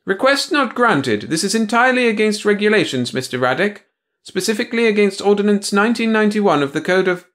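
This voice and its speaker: A man voicing a prim, officious middle-aged woman bureaucrat in an audiobook reading, talking in a stiff, rule-quoting way. Her voice is pitched well above his own and is a little louder. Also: expressive, fairly quick. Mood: indignant.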